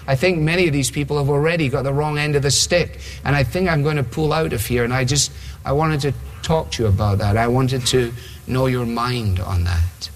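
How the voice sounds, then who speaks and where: A male preacher voicing Jesus in prayer, speaking slowly and earnestly with small halts. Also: mid-range voice, natural voice. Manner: slow, earnest, halting. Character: Jesus praying quietly to his Father. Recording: long hall reverb.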